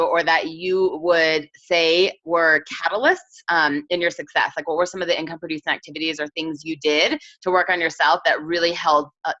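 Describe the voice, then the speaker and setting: A woman's voice: low-pitched, muffled recording. A woman hosting a training call who speaks enthusiastically and asks questions with lots of fillers. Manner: enthusiastic, warm praise, many fillers. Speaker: host of a team training call. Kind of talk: casual interview.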